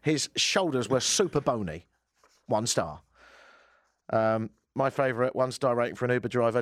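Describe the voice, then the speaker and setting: A man's voice: mid-range voice, expressive, moderate pace, no room sound, clean studio sound. A man hosting a casual radio talk show, joking and slipping into silly voices for bits. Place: radio studio.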